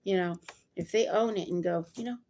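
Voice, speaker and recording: A woman's voice: fairly low pitch, normal speed, mellow, a little hiss or hum. A woman reading a Bible passage aloud and breaking off into chatty, digressive commentary full of fillers.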